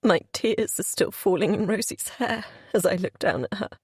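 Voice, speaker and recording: A woman's voice: medium pitch, normal speed, darkish tone, breathy edge, no echo. A woman reading a first-person audiobook in an emotional, confessional way, close to a studio mic. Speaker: audiobook narrator.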